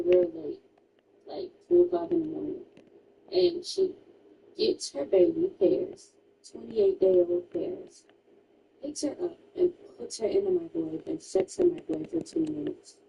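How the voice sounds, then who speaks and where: A woman's voice: mid-range voice, sing-song, moderate pace, creaky, mellow, distant mic, highs cut off, a little hiss or hum. A woman streamer casually retelling a true crime story while gaming, emphatic and chatty, full of "like" asides.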